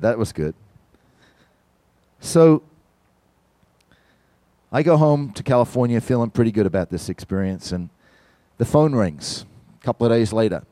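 A man giving a sermon testimony, telling a story with lively, animated delivery and speaking directly to the congregation. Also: lowish voice, normal speed, pauses often, no echo. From from outside the United States. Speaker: visiting church musician and speaker.

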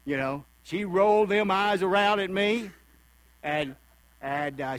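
A folksy male preacher delivering a sermon in a fairly high voice. He talks conversationally and slips into the voices of the people he quotes. The sound is dry and close, with a faint mains hum underneath. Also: slow pace, a bit bright, no echo, rough recording.

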